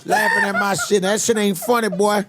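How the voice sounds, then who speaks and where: A man's voice: high-pitched, wildly swooping pitch, moderate pace, heavy background noise. A man hosting a comedy show, ranting boisterously with laughs and sing-song bits. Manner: boisterous, laughing, half-singing. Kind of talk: comic rant. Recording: loud music under voice.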